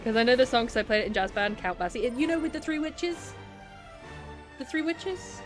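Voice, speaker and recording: A young woman livestreaming a game, chatting in a candid, self-deprecating way. Her voice sits a little on the high side. Game music plays clearly behind her. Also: lively intonation, a little fast. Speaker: streamer. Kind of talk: casual chat while gaming.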